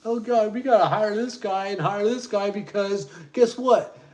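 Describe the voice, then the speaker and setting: In a lightly acted performance, a man voices a smug, pompous male company boss, raising his voice into a self-satisfied tone. The character's voice is high, a little mellow, and pitched above the performer's own, delivered at a moderate pace.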